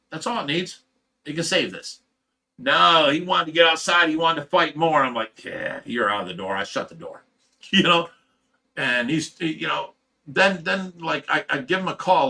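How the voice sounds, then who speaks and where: A man's voice: fairly high pitch, creaky, bright, forceful tone. A man hosting a livestream, telling a heated, rambling story full of swearing in casual chat. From Ohio. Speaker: livestream host.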